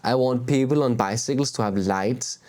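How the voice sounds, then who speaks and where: A spiritual vlogger from Denmark talks casually to the camera about spiritual matters while outdoors on a beach, his mid-range voice moving at normal speed. He muses candidly and with animation, swearing and laughing at himself along the way.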